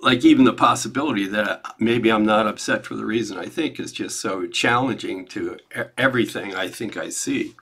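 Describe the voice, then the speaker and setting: Bright-voiced man, reflective and stammering. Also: fairly low pitch, fairly quick, few pauses, husky. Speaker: study group member. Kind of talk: casual spiritual discussion.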